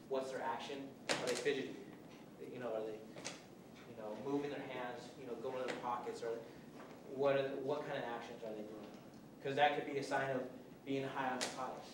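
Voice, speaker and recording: In a college classroom, a male police officer gives an informal workshop lecture, rambling conversationally with frequent restarts and acted-out examples. His mid-range voice is picked up by a distant mic in an echoey room with noise in the background.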